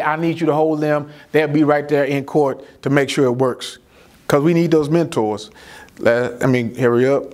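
Addressing a community crowd, this juvenile court judge is a middle-aged man with a slightly high voice. He plays out his own courtroom dialogue with animation, leaping higher for his exclamations and going quiet and low for what the kids say back.

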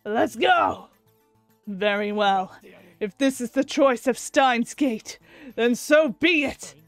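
A woman's voice: a little high, takes it slowly, no echo. A woman voicing a theatrical young male mad scientist, declaiming in a grandiose way in a visual novel reading. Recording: faint music behind.

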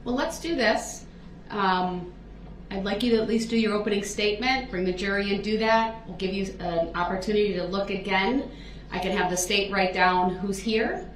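A woman judge speaks in a calm, measured way, patiently laying out how the proceedings will go. Her voice comes from a distant mic in an echoey courtroom. A faint hum of room noise sits underneath. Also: mid-range voice.

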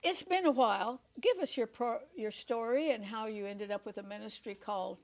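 A woman's voice: fairly high pitch, normal speed. A woman hosting a television talk show, chatting and telling funny stories during a cooking segment. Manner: chatty storyteller, jokey. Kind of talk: casual chat on a cooking segment.

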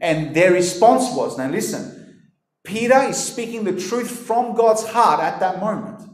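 A man preaching a sermon in an animated, emphatic way, talking straight to his listeners. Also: high voice, measured pace. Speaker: pastor. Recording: echoey room.

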